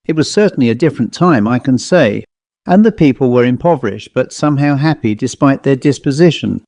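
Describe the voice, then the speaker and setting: A man voicing a jovial, eccentric elderly English gentleman who speaks in a genteel, old-fashioned, chatty way with an English accent. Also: medium pitch, expressive, a little fast, dry recording, natural voice. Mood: genial.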